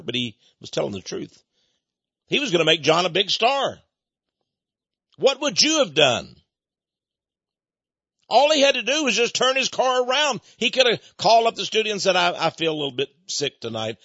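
Husky, lively-voiced male preacher. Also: high-pitched, moderate pace, long pauses, no echo, dull audio. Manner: animated, chuckles between points, asks listeners questions. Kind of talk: sermon storytelling.

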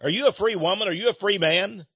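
A man's voice: fast talker, breathy edge, dry recording, lo-fi sound. Fervent older man preaching on radio. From United States. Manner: fervent, preachy, shifts between loud outbursts and low asides. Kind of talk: fiery radio sermon.

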